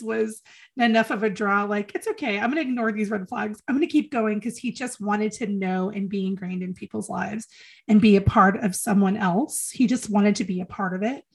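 Woman guest, earnest and halting, repeats herself for weight; heartfelt personal recollection. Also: medium pitch. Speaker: podcast guest. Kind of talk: emotional personal reminiscence.

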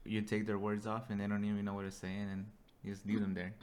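A man co-hosting a podcast in casual chat, chiming in quickly and agreeably with "you know?". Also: fairly low pitch, monotone, a little mellow. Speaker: podcast co-host.

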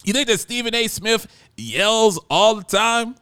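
A man's voice: high-pitched, lively intonation, measured pace, a bit bright, smooth, no room sound, studio quality. A man who hosts a radio show, talking in a brash, emphatic casual monologue.

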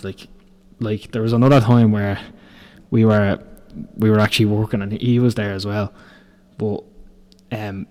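An Irish podcast host in his twenties, he speaks in a lowish, slightly mellow voice. His casual storytelling wanders through profane tales of building sites, punctuated by his own laughter.

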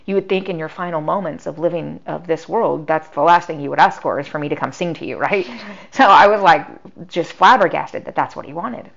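A middle-aged woman appears as a podcast guest, telling a personal story in a chatty way full of "like" and quoted dialogue. Her voice is deep, creaky, and a bit bright, and she talks fairly quickly. The recording sounds dull and lo-fi.

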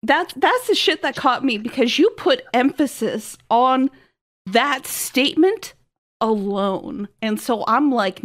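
A woman's voice: high voice, lively intonation, takes it slowly. A woman co-hosting a podcast, teasing and egging her partner on in casual chat. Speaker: podcast co-host.

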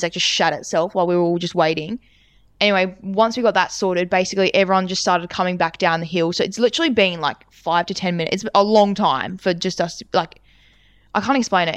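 Brief: young woman podcast co-host, casual rambling storyteller, smooth clear voice, dry close sound. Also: on the low side, no room sound. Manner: rambling, heavy filler words and swearing.

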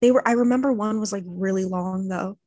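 A woman's voice: medium pitch, brisk, a little mellow, dry recording. A young woman in casual chat, telling a family story with many fillers and acting out what her relatives said. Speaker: podcast co-host.

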